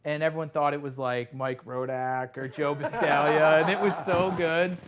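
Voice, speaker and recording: Sports reporter guy telling a locker room story, kinda high voice, lively, does everyone's lines. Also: moderate pace. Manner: animated, acts out quoted lines. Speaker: sports reporter, podcast guest. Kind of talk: casual storytelling.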